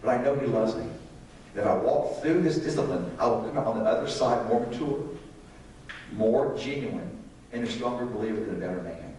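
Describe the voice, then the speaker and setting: A man's voice: fairly low pitch, moderate pace, dark tone, a little hiss or hum. An older man teaching a parents' Sunday school class in a conversational way, often asking the class questions. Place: church classroom. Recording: echoey room from far off.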